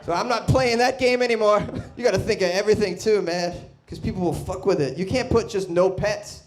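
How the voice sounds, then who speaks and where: A man doing a stand-up comedy set, brash and profane, bursting into loud shouts. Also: high voice, brisk. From Boston. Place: comedy club stage.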